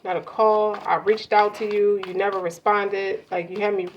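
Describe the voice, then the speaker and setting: A woman's voice: medium pitch, little pitch movement, moderate pace, slight background noise, close to an everyday voice. A woman voicing a hurt woman who reproaches her returned lover with pleading questions. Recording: muffled lo-fi audio.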